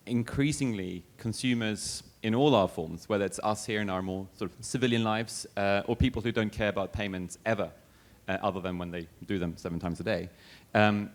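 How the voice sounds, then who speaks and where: A man from Sweden answering as a panelist on a conference stage, explaining in a measured way with small restarts. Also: lowish voice.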